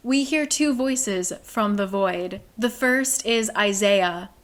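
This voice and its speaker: A woman's voice: mid-range voice, slow. A woman casually recapping a novel in a chatty, profane way, full of filler "like"s. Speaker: book recap narrator.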